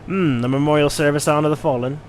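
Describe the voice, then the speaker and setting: A man's voice: a little high, steady tone, fast, a little mellow, a little hiss or hum, natural voice. A man voicing a stern, proud female pirate admiral from a game, attempting a Scottish accent and giving grand, formal speeches with some stumbles. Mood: grave.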